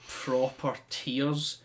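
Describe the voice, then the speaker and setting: A man, casually recapping events on a podcast with frequent "um" and "like". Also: medium pitch. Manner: chatty storyteller with frequent "um" and "like". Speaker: podcast co-host. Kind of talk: casual chat, recapping a wrestling show.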